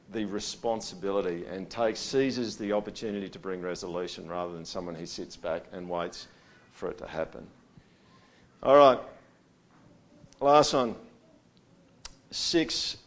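A middle-aged man preaching a sermon in a chatty way, often checking in with "all right?" and swinging between loud and soft. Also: on the low side, lively intonation, a little slow, long pauses. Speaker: pastor.

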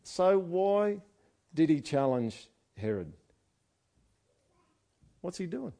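Lively Australian man preaching. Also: fairly high pitch, takes it slowly. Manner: lively, joking, swings from loud asides to quiet reading. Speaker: pastor. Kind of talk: sermon.

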